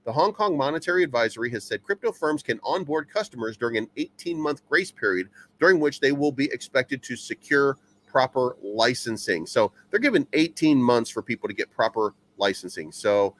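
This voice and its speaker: A man at a middle pitch gives casual commentary on crypto headlines. He reads the articles out, then rambles in loose asides, stammering over repeated words and filling pauses with uh and um. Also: animated, fairly bright tone. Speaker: crypto news channel host.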